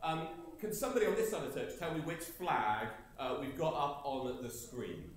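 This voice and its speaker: A man's voice: fairly high pitch, very animated, moderate pace. A man leading a morning church service, joking with the congregation in a playful, chatty way with many fillers. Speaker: preacher. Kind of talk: lively church service talk. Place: large church hall with congregation. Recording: echoey church hall with congregation.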